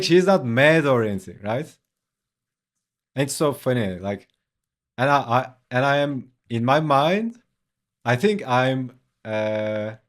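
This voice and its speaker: A man who is not a native English speaker, telling a story in a relaxed, casual way while streaming his drawing. He swears, leans on "like" and laughs often. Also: mid-range voice.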